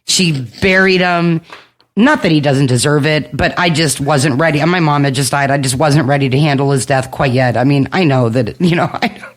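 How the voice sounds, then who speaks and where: A woman's voice: sits low, normal speed. Rambling, laughing woman on a podcast. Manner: laughing, rambling, swears, quotes people. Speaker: guest, host's best friend. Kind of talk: casual storytelling chat.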